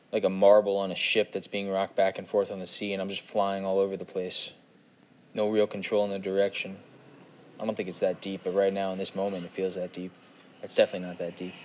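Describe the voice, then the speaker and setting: A young man hosting a solo podcast, rambling and swearing as he questions himself in frustration while sitting on a toilet. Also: fairly low pitch. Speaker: podcast host.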